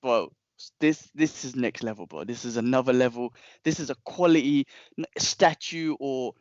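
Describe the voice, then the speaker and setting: A young man, a podcast co-host telling a long story in casual chat, animated and rambling, with frequent restarts and slang. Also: mid-range voice, normal speed, dry recording, dull audio.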